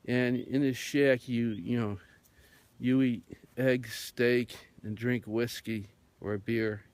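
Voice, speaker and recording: A man on the radio tells a wandering winter tale at a leisurely pace. He often pauses on fillers as he goes. His voice sits at a middling pitch, and his storytelling rambles. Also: fairly even intonation, a little mellow, dry recording. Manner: meandering, with many fillers. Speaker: radio host.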